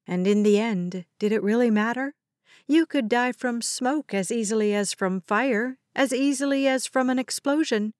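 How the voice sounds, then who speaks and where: A woman narrating a dramatic audiobook in a measured storytelling manner. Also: fairly high pitch, dry recording, clean studio sound. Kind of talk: scripted narration.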